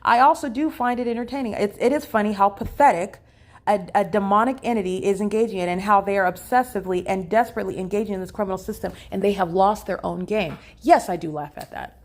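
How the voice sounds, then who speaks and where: A woman's voice: medium pitch, quick pace. A woman recording a solo vlog monologue in a hotel room, talking emphatically with many "uh" fillers and repeated phrases. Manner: emphatic and repetitive, with frequent fillers. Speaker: vlogger documenting her day. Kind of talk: solo spoken monologue to camera.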